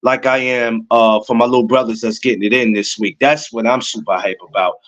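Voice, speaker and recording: A young adult man, hosting a casual livestream podcast and talking to viewers in chat. He is excitable and repeats himself a lot. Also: medium pitch, a little fast, lo-fi sound. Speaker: podcast host.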